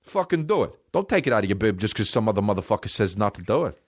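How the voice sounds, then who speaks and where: A man voicing a brash young male New York buddy with a New York accent, loud, blunt and profane. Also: fairly low pitch, very animated, fast talker, no echo.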